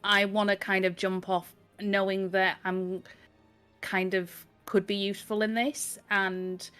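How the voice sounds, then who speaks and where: A woman's voice: mid-range voice, level tone, a little slow, fairly bright tone, clear, resonant tone. A woman playing in a tabletop game, speaking tentatively and hedging her words, over background music. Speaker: player.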